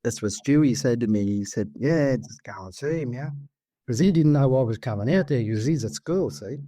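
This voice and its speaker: An Australian man telling a story in a rambling, lively way, full of asides. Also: mid-range voice, moderate pace, dry recording. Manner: rambling, animated, full of asides like "see?" and "mate". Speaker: guest storyteller. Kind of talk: casual storytelling.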